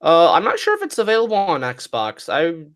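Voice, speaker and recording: Lively-voiced man on a gaming podcast. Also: fairly high pitch, normal speed. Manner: conversational, hedging, corrects facts. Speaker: podcast co-host. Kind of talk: casual chat.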